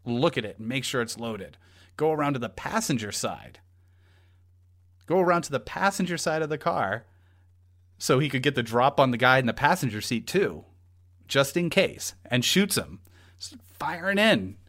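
A man co-hosting a casual true-crime discussion, talking in an animated, rambling way with frequent swearing. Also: medium pitch, normal speed, pauses often. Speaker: podcast co-host.

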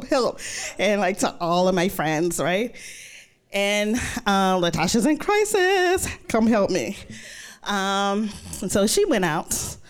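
With a fairly low-pitched voice, a woman shares a real story from her life before an audience. Her telling is animated and conversational, and she dramatizes what she was thinking.

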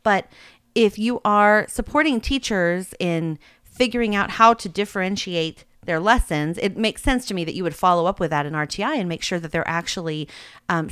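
A woman's voice: fairly low pitch, a bit bright, smooth, no room sound, clean studio sound. A woman hosting an education podcast, explaining coaching practice in an earnest, instructive way with occasional fillers and restarts. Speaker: podcast host and literacy coach. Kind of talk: podcast talk with an ad for her course.

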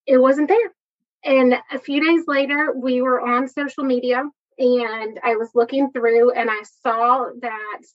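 A woman, giving an earnest, heartfelt personal faith testimony. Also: on the high side. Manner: earnest, heartfelt, addresses listeners as y'all. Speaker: testimony speaker. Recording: dull lo-fi recording.

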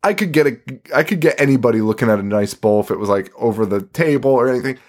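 A man's voice: mid-range voice, animated, fast talker. A man hosting a podcast, recapping a movie in casual chat, swearing a lot, laughing often and rambling. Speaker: podcast host.

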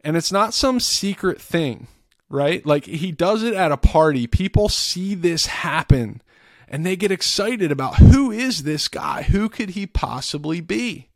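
A podcast host with a slightly high, lively voice speaks unhurriedly with vocal fry as he earnestly retells scripture in a casual faith talk. He repeats and restarts words often, and the studio-quality recording has no echo.

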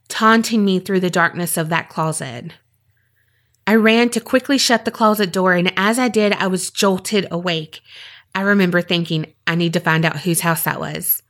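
A woman hosting a podcast reads listener stories aloud in a steady storytelling voice, adding short asides. Her voice sits in the mid range.

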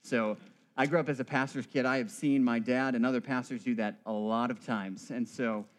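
A man's voice: mid-range voice, steady tone, normal speed. A male priest delivering a church sermon with rhythmic, building emphasis and wry asides.

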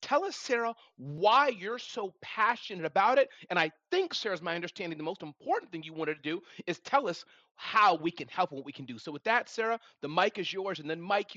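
An energetic man hosts a live audio room, pumping up the audience. His voice sits high and bright. The sound is dry and a little muffled. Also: dry recording. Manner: energetic, hyped-up. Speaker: host.

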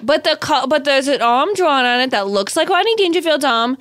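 A woman's voice: high voice, lively intonation, moderate pace, fairly bright tone, no room sound. A woman guesting on an improvised comedy podcast, rambling goofily and dropping into silly voices.

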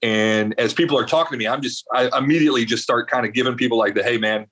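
This man is a guest in an interview, telling a winding story. He keeps stopping to restart and add little asides, and his voice sits at a middling pitch. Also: rapid-fire, husky. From South Carolina. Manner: rambling, animated storyteller with many fillers. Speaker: veterans advocate guest.

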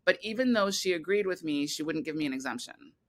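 Bright-voiced rambling interview guest. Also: medium pitch, expressive, fast. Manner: rambling, many restarts and fillers. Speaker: guest filmmaker. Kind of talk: casual interview talk.

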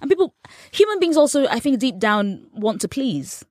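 This guest is a journalist from England in her thirties who brings her anecdotes to life by performing the voices she quotes in a casual interview. She speaks at a moderate pace in a high-pitched voice, captured in a dry, studio-quality recording.

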